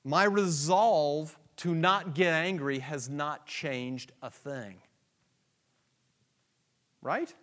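Male preacher; sermon delivery that swings from hushed and slow to loud and emphatic. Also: fairly high pitch. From United States. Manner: shifts from quiet, slow asides to loud emphatic questions; acts out dialogue and inner thoughts, laughs often.

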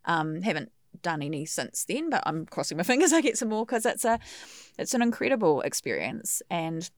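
A woman's voice: fairly low pitch, big pitch swings, normal speed, no room sound. Kiwi woman, 50s, interview guest; chatty storyteller who acts out quotes, dry close mic. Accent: New Zealand. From New Zealand. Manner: chatty, laughs easily, acts out quoted speech. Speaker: guest, funeral celebrant. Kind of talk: casual interview chat.

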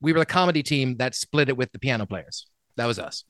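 A man in his thirties hosting a podcast, chatty and joking with quick asides. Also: medium pitch, expressive, a bit bright, no echo. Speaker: podcast host. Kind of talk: casual chat.

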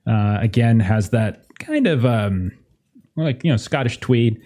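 A man narrating a tabletop horror game as game master, halting with many fillers and restarts. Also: mid-range voice, expressive, warm tone.

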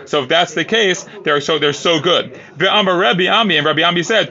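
A man's voice: on the high side, animated, moderate pace, few pauses, bright, forceful tone, dull audio. A man teaching a Talmud class in a casual way, reading Aramaic lines and then explaining them loosely with fillers and restarts.

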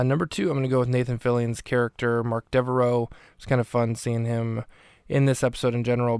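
Male podcast host, casual rambling recap, smooth clear voice, dry close sound. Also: mid-range voice, no echo. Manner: rambling, filler-heavy recap. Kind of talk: casual episode review.

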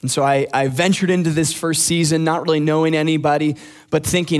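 Man, youth pastor, casual sermon, friendly asides, slightly high voice. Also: flat delivery, brisk. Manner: friendly, joking asides to the congregation.

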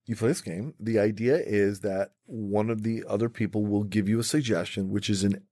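A man hosting a podcast in casual, animated chat, explaining a game with playful theatrical touches. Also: on the low side, moderate pace, no room sound. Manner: animated, theatrical, breaks into grand mock voices. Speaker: podcast host.

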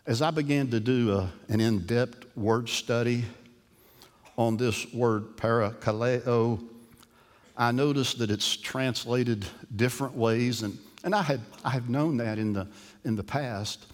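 A man preaching a sermon as pastor. He often repeats words as he starts and moves from quiet to forceful emphasis. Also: mid-range voice, measured pace, long reverb tail.

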